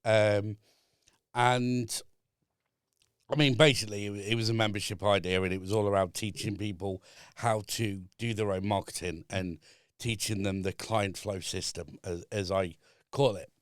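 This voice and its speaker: A man as a guest on a podcast in a studio, calmly explaining his business ideas with frequent fillers. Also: on the low side, clear, resonant tone, no echo. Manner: measured, explaining step by step with many fillers. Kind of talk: casual chat.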